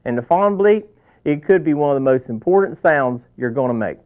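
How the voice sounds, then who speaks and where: A man's voice: on the high side, animated, a little fast. A man hosting an instructional video, presenting in a folksy scripted way and calling himself a cowboy. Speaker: video host. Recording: tinny, phone-like old VHS sound.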